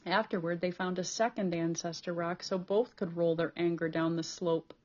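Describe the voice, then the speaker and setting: A woman reading a novel chapter aloud as an audiobook reader, with steady, clear storytelling. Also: on the low side, normal speed, dull audio.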